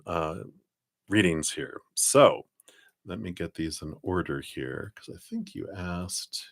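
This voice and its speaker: A man's voice: deep voice, no room sound, studio quality. A man giving live-stream tarot readings, chatty and upbeat, rambling from card to card. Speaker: tarot reader.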